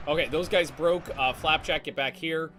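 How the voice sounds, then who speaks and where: A man giving live commentary on a strategy game, talking in halting restarts with casual swearing and barking quick orders to his units. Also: on the high side, bright, forceful tone, a little hiss or hum. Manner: barks quick orders to units, voice jumps up when alarmed. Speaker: streamer.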